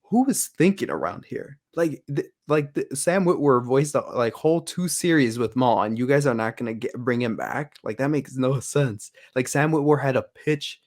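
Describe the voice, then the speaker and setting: A man's voice: medium pitch, moderate pace, hardly any pauses, a little mellow. Rambling male podcast co-host. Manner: rambling, many restarts and fillers. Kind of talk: casual chat.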